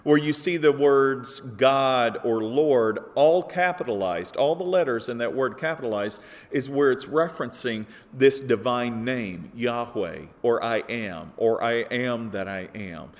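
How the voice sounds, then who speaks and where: A man's voice: mid-range voice, unhurried, hardly any pauses. Man preaching a sermon in a reverberant hall. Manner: earnest, builds to emphatic peaks when quoting. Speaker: pastor.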